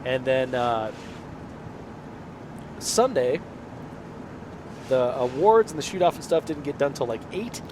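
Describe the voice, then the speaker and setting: A man's voice: mid-range voice, animated, slow pace, pauses often. Chatty man podcasting from a moving truck. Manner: chatty storyteller, loose with fillers. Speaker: podcast co-host. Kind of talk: casual chat. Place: inside a truck on the road in freezing rain. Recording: noisy car interior.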